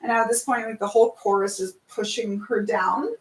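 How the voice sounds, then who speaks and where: A woman pitching her musical in casual chat, breaking into sung and chanted lyrics. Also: steady tone, moderate pace, distant mic. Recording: roomy, from off mic.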